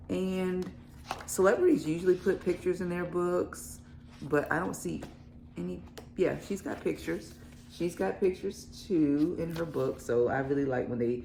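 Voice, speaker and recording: Chatty woman with a gravelly creak. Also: deep voice, darkish tone, slight background noise. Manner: chatty, laughs often, lots of fillers and "y'all". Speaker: book vlogger. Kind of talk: casual chat to camera.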